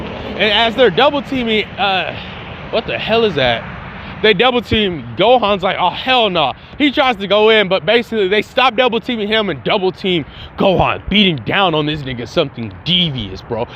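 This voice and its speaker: A man with a notably high voice tells a fan story in a loose, casual way. He talks in slang and stays animated, dropping in mouth-made fight sounds as he goes. Traffic noise hums faintly outside. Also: moderate pace, dull audio. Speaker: fan channel host.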